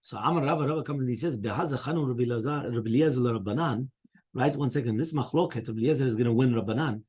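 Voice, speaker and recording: Husky-voiced rabbi teaching a Talmud class. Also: male voice, medium pitch, very fast, a little mellow. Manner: explains step by step, often checks in with "right?"; fields questions and interruptions from students.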